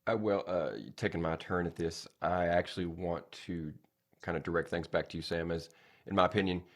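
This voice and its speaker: A man's voice: low-pitched, steady tone, brisk. A man co-hosting a podcast, talking casually and hesitantly, searching for his words. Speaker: podcast co-host.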